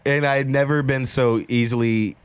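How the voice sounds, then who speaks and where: A man's voice: medium pitch, steady tone, moderate pace, crowd noise. A young adult man hosting a casual podcast chat, rambling through a story and laughing partway through his sentences. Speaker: podcast host and comedian.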